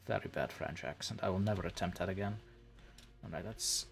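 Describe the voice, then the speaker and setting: A man's voice: low voice, a little fast, creaky, husky. A man hosting a let's play, joking and sarcastic as he talks to the creatures in the game. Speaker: gaming channel host.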